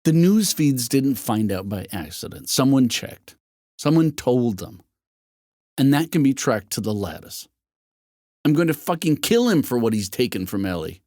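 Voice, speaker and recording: A man's voice: medium pitch, big pitch swings, normal speed, warm tone, no echo, clean studio sound, close to an everyday voice. A man playing a tense male security commander.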